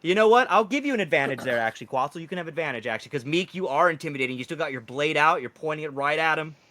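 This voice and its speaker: A man with a bright, forward voice runs a tabletop game as dungeon master. He narrates rolls and scenes, laughs easily, and slips into voices for the figures. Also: a little high, expressive, rapid-fire. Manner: laughs often, shifts into character voices.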